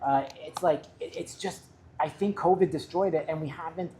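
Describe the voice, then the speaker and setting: A woman hosting a casual interview, chatty and expressive as she tells stories. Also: low-pitched, moderate pace, slight background noise. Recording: crowd chatter in the background.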